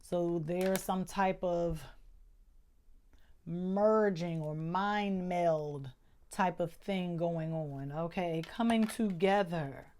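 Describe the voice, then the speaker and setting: A woman's voice: lowish voice, extremely slow, a little mellow. A woman with speech giving a casual, chatty monthly tarot reading as host, full of slang and frequent "okay?" check-ins. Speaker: tarot reader.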